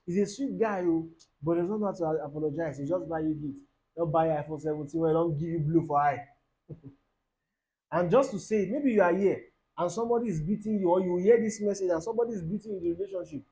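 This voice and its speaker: High-voiced Nigerian preacher. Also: male voice, poor audio. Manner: lively preaching, mixes in pidgin, acts out quoted voices, laughs. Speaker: pastor. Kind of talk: sermon.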